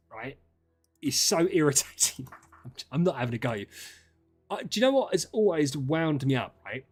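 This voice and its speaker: A young man chatting casually on a livestream, ranting in an animated way and swearing freely. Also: mid-range voice, breathy edge. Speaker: streamer.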